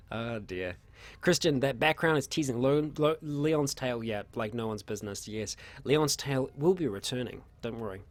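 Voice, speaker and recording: A young man hosts a relaxed viewer Q&A, answering one question after another. He rambles in a friendly way, often trailing off, restarting and filling gaps with um and uh. His voice sits at an ordinary middle pitch. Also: a little slow, no room sound. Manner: chatty, rambling, frequent fillers and restarts. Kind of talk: casual livestream Q&A.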